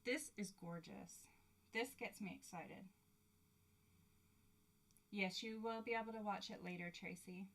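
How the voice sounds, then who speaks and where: A woman hosting a live crafting stream, excitable and giggly as she chats to her viewers. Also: medium pitch, a little slow, long pauses. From Canada. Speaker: craft livestream host. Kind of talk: live crafting demo chat.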